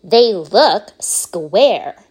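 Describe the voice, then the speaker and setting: A woman voicing a spoiled, whiny rich girl in a storybook read-aloud, speaking in a petulant, drawn-out way. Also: medium pitch, animated, darkish tone, husky, exaggerated voice.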